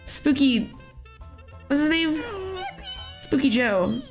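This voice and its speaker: Bubbly hoarse woman streamer. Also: animated, slow pace. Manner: bubbly, greets chat in high sing-song. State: hoarse after illness. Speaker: streamer hosting an art class. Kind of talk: casual live-stream chat. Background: soft music.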